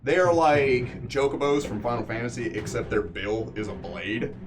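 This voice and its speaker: A man narrating a tabletop game as game master in a descriptive, relaxed way. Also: medium pitch, normal speed, over music.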